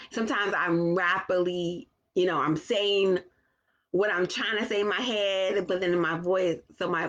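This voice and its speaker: A mother talking casually to her viewers, halting often with restarts as she slows down to find her words. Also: on the low side, a bit bright, muffled recording. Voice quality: slow, deliberate delivery. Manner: halting, with restarts and long pauses. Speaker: parent vlogger. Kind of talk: casual talk to camera.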